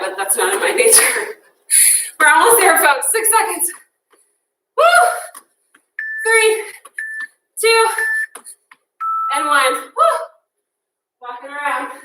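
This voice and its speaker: Fitness instructor, woman, 30s, bright and high, breathless workout coaching. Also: slight background noise. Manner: upbeat, chatty, counting down reps. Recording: echoey room from a distance.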